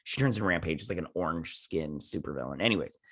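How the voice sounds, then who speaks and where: A man's voice: low-pitched, animated, fast, fairly bright tone, husky, dry recording, clean studio sound. A man hosting a casual review, rambling through an episode recap and quoting characters with offhand jokes. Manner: rambling, quotes characters with "he's like"; offhand joking asides.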